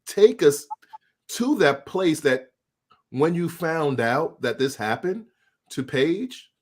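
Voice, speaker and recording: A man's voice: a little high, lively intonation, slow, darkish tone. A man, a podcast co-host, interviewing a guest in an earnest, apologetic way with repeated starts. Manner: repetitive starts, earnest pleading.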